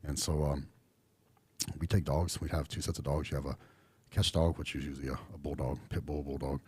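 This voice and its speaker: A man's voice: very deep voice, steady tone, fairly quick, darkish tone, husky, no echo. A middle-aged man from Texas, a podcast guest talking casually with a laid-back drawl and lots of fillers. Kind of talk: casual interview chat.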